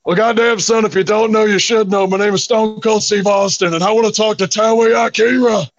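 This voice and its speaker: A man putting on a gruff, swaggering male pro wrestler voice for a prank call, loud and cocky. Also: high-pitched, fairly even intonation, fairly quick, highs cut off, pitched above the performer's own voice, close to an everyday voice. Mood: brash.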